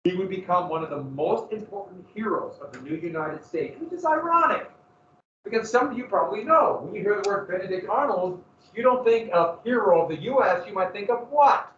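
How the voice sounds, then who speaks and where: A male history teacher lecturing a class in lively storytelling style and throwing questions to the students. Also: sits high, fairly quick, a little hiss or hum. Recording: echoey classroom from far off, dull lo-fi.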